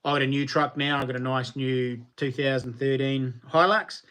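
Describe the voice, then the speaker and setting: A relaxed New Zealand man chats on a livestream, answering viewers in loose, colloquial talk. His voice sits at a middling pitch, and the delivery is easygoing and full of fillers. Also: normal speed. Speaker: knife maker hosting a livestream.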